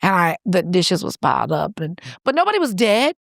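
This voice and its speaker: Animated woman telling a story. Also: on the low side, normal speed, creaky, dry recording, studio quality. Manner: animated storyteller, acts out voices and cries. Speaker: podcast co-host. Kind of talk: casual chat, storytelling.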